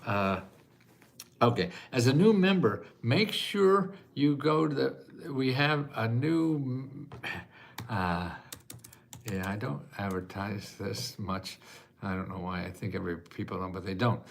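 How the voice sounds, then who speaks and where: Laughing, gravelly man in his eighties. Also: on the low side, lively intonation, a little slow. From United States. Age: 80s. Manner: self-mocking, laughs often, emotional. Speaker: host answering viewer questions. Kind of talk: casual livestream chat.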